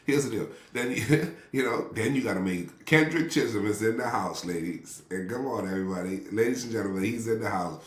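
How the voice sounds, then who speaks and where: A man's voice: lowish voice, brisk, few pauses. A man preaching a sermon to his congregation in a loose, conversational way, repeating phrases and calling out people by name. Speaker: pastor. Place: church sanctuary. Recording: echoey room.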